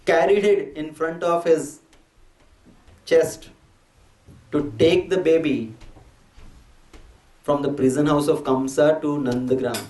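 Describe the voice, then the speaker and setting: A man's voice: on the high side, steady tone, slow pace, pauses often, darkish tone. A man telling a devotional scripture story in a sermon, explaining patiently and slipping in Hindi words. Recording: echoey hall, distant mic.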